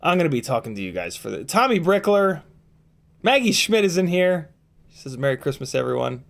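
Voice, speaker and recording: A fairly high-pitched man hosts a casual live stream from a home setup, joking loosely and rambling through viewer names with ums and throat clearing. His voice sounds tired and strained. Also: sing-song, fairly quick. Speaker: livestream host.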